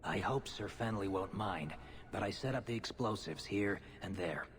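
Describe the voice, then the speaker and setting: An actor playing a blunt, stubborn male dwarf warrior with a gruff manner, in a video game. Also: fairly low pitch, lively intonation, normal speed, slight background noise. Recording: game audio with long reverb.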